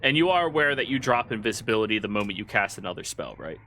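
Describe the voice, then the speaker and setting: A man's voice: on the low side, lively intonation, quick pace, pushed and bright, slight background noise. A man narrating as game master in a casual tabletop game, with loose filler words.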